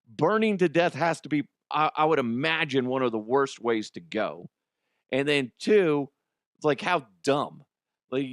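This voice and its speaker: A man hosting a casual comedy news podcast, crude and jokey, with quick put-on voices. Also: medium pitch, expressive, a bit bright, no echo, clean studio sound. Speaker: podcast host.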